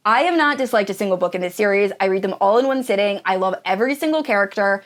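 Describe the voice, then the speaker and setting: A woman's voice: mid-range voice, animated, fast. A woman reviewing books in a casual chat, gushing and enthusiastic, with lots of fillers. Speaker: book reviewer. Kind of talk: casual tier-ranking chat.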